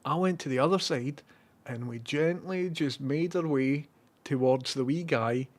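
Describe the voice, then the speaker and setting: A man's voice: on the high side, measured pace. A man with a Scottish accent, a live streamer telling a rambling story and reading out viewer messages.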